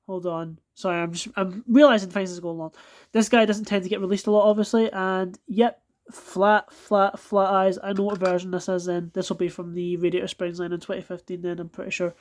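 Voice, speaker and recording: Indoors at home on carpet, a Scottish toy collector unboxes die-cast cars for a casual vlog, cursing in frustration and saying sorry for it along the way. Her voice sits on the low side with a darkish tone.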